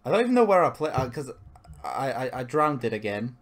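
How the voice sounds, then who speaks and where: A man's voice: mid-range voice, sing-song, brisk. A man co-hosting a podcast in casual chat, rambling and cutting himself off, with frequent swearing. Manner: rambling, self-interrupting, swears. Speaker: podcast co-host.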